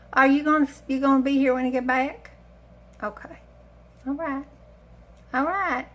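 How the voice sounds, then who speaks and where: A high-pitched woman talks slowly and unhurriedly as she chats to her viewers from her home kitchen. She rambles, pokes fun at herself and wanders off topic in a relaxed, homey cooking vlog. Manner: rambling, chatty, self-mocking with frequent sighs and laughs. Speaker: cooking vlogger. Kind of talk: casual chat to camera.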